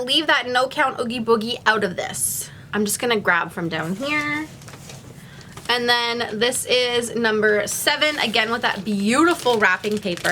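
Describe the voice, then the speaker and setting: A woman's voice: a little high, background noise. A woman with a young daughter gushing through an unboxing vlog, gasping and repeating exclamations. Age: adult, a mother. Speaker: YouTuber unboxing a gift box.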